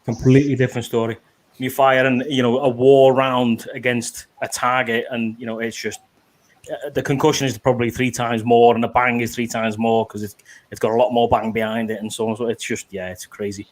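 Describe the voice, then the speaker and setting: A man's voice: medium pitch, a little fast. A man with a British accent, a serving soldier, swearing freely as he tells army stories in a casual chat. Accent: British English. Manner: sweary, animated storyteller.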